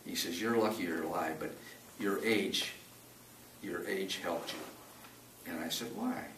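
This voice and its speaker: An older man telling a personal survival story in a rambling, halting way, often repeating words and restarting. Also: low-pitched. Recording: echoey room, distant mic, faint noise.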